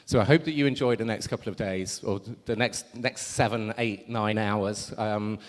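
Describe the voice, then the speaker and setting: A man's voice: lowish voice, fairly even intonation, normal speed. A man giving a conference opening speech, rambling a little with many ums and self-corrections. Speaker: conference organizer. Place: large conference hall. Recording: hall reverb from stage mic.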